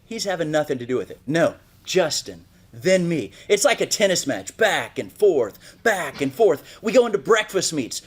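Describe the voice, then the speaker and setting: A man's voice: fairly high pitch, big pitch swings, normal speed, hardly any pauses, husky. A man giving a motivational keynote, telling a story and often asking "right?". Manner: storytelling, asks frequent "right?". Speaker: motivational speaker. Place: speaking on stage at an event.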